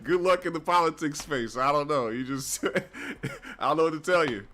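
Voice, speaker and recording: A man's voice: fairly high pitch, normal speed, a bit bright. A man hosting a reaction show, mocking online commenters with crude, laughing banter. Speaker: show host reacting to clips.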